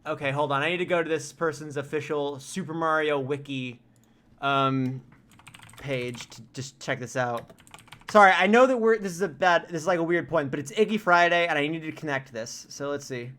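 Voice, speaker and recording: A young man live-streaming a game from home, talking casually into a desk mic. His voice sits a bit high and sounds bright. He jokes freely, gets distracted easily, and types on a keyboard in the background. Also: normal speed. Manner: chatty, joking, easily sidetracked.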